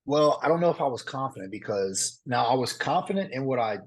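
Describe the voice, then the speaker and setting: A man being interviewed about his time on a competition show, talking in a quick, rambling way with lots of "like" and "uh" fillers. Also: medium pitch, animated. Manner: fast, rambling, fills with "like" and "uh". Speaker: reality show contestant interviewee. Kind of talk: candid interview.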